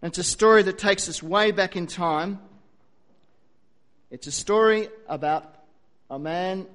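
A preacher telling a story from the pulpit, a man with a notably high voice. He slows down and speeds up for effect and drops in dry little asides. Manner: lively storyteller with dry asides, varied pace. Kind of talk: storytelling sermon.

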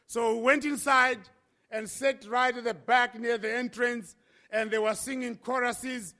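A man from Africa telling his conversion story as a sermon testimony, impassioned with dramatic pauses. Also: very high-pitched, pushed and bright. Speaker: preacher.

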